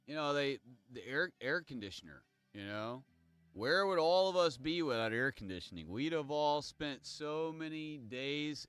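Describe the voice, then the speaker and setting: A man's voice: medium pitch, fairly bright tone, no echo. A man hosting his own livestream, talking in a meandering, digressive way and reading viewer comments aloud. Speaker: livestream host. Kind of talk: rambling solo livestream monologue.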